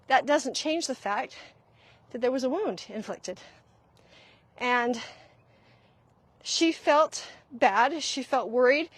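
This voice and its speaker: Woman, middle-aged, somewhat high-pitched, earnest, confessional, solo podcast talk, repeats points for emphasis. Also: no room sound. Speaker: podcast host.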